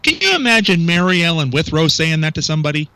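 A man's voice: a little high, sing-song, quick pace, gravelly, pushed and bright, clean tone, low-quality recording. A male radio talk show host, chatting with his co-host, incredulous and full of rhetorical questions. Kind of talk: local talk radio banter. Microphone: studio microphone.

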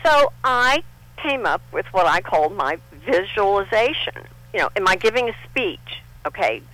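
Lively, bright-voiced older woman telling stories. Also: medium pitch, moderate pace, no echo, poor audio. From Texas. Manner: animated storyteller, acts out quotes. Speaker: guest. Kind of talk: casual interview storytelling.

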